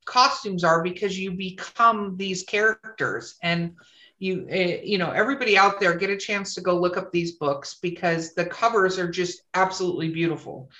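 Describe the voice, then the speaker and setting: A woman's voice: mid-range voice, pushed and bright, echoey room, dull audio. A woman hosting a podcast who talks in a gushing, chatty way with lots of fillers. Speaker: podcast host. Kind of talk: casual interview chat.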